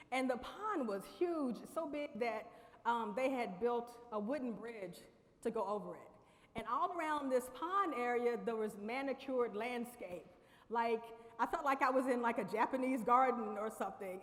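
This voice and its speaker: A woman speaks to a convocation crowd in a relaxed, storytelling way, often laughing and asking the listeners questions. Her voice sits a little high for a woman, and it rings out with the long reverb of a large chapel. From Lexington, Kentucky. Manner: conversational, laughs often, addresses audience directly. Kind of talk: storytelling speech.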